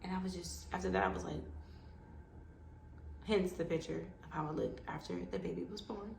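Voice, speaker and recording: A woman vlogger telling a personal story in a lively way, acting out what others said. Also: lowish voice, fairly quick, creaky. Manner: animated, acts out quoted dialogue. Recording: echoey room with faint background noise.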